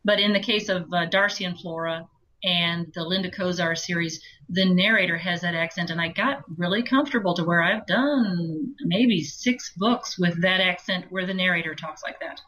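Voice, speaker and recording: A woman audiobook narrator talks as a guest in a fairly low, bright voice. She is chatty and explains her craft with quick asides. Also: poor audio. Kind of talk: interview chat.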